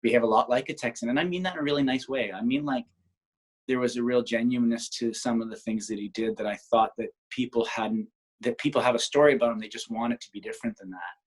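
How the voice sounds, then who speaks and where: A man's voice: medium pitch, fairly even intonation, fast talker, husky, low-quality recording. A Canadian man in his forties, a guest on a video-call interview, telling reflective stories with frequent restarts. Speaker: guest, former Olympic triathlete. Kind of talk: casual conversational interview.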